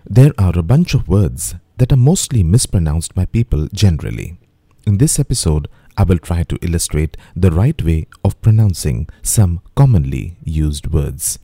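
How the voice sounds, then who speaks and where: A man hosting a podcast and teaching pronunciation in a careful, measured lesson, word by word. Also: deep voice, animated, dark tone, dry recording, studio quality. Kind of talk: slow, deliberate pronunciation lesson.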